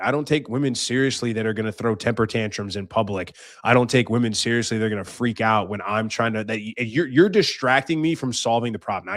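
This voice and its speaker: A man hosting his own podcast, talking casually, bluntly and profanely, with sudden jumps between loud and quiet. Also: medium pitch, dry recording, clean studio sound. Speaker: podcast host. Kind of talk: casual monologue.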